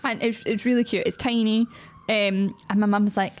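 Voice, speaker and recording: A young woman, telling a story in brisk, dry casual chat on a podcast. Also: medium pitch, steady tone, slight background noise. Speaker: podcast co-host.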